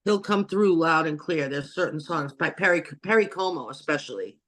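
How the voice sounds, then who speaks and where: A woman's voice: deep voice, expressive, a little fast. Chatty woman host on a video call. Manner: chatty, laughs between stories. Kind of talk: casual chat.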